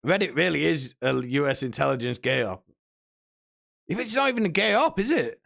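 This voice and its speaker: Guy streaming, gravelly and a bit high, swears a lot and mocks people. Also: big pitch swings, fairly quick, fairly bright tone. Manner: mocking, sweary, puts on whiny voices to mock. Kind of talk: ranting commentary stream.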